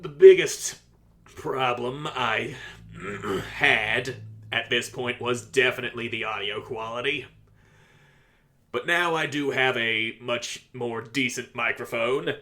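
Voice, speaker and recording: A man's voice: mid-range voice, slow, pushed and bright. Crude, self-mocking man reacting on camera. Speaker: YouTuber. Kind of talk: reaction commentary. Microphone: USB desk mic.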